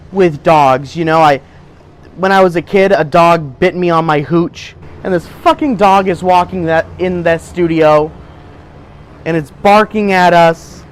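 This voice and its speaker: High-voiced man ranting crude tales. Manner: crude, rambling, indignant storytelling. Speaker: comedy troupe performer. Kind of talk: improv mockumentary band interview.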